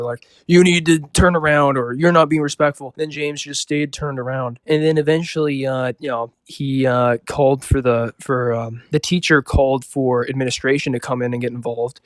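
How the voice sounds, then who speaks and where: A young man spins a loose, improvised story in a mid-pitched voice, leaning constantly on "like" and "you know." The sound is dry and close, with no room echo. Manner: rambling, full of "like" and "you know" fillers, loose and offhand.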